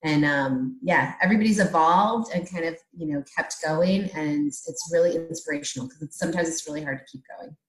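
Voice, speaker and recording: A woman's voice: sits low, very animated, brisk, few pauses, roomy sound, rough recording. A woman chatting enthusiastically on a group video call. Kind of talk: casual chat on a video call.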